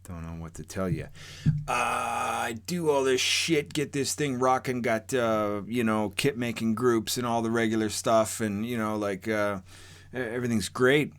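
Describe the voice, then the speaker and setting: A man's voice: medium pitch, normal speed, fairly bright tone. A man telling a true story from his own life in a casual, rambling, profane way, full of fillers and restarts.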